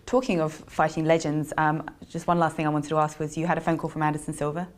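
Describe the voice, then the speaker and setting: A woman's voice: low voice, level tone, fast. A woman with a British accent interviewing a fighter, asking questions politely with slight hesitations. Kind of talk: press interview.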